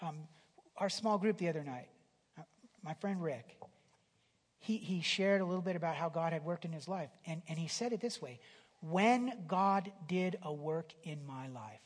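A man preaching a sermon in a conversational way, restarting phrases and swinging from loud emphasis down to a near whisper, in a church hall. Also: fairly high pitch, moderate pace, pauses often. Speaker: pastor. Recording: long hall reverb.

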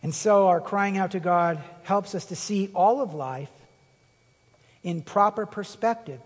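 A husky, fairly high-voiced man preaches to his congregation, building from a conversational telling to emphatic, animated peaks. His voice carries a long reverb from the hall around him, recorded from the room as he speaks. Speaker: pastor. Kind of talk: sermon.

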